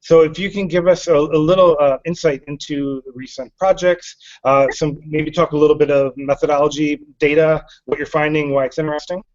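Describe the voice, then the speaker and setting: Guy hosting an online science chat, kinda high voice, stumbles through his questions, dead dry sound. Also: fairly even intonation, darkish tone, dry recording, dull audio. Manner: halting questions with fillers. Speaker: host of online science hangout. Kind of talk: interview questions.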